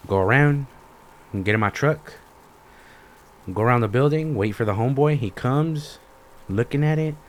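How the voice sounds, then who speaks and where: A man's voice: mid-range voice, normal speed, pauses often, slight background noise. A young man, hosting a podcast and ranting in casual, slangy, profanity-heavy storytelling. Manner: slangy, animated storytelling with lots of swearing. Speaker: podcast host.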